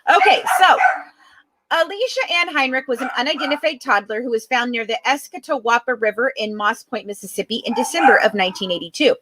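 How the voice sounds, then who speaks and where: Middle-aged woman host, high and chatty, casual live-stream delivery, apologetic and easily sidetracked, over a noisy home mic. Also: expressive, a little fast, sharp tone. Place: home with dogs barking. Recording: noisy home, dogs barking. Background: dogs barking.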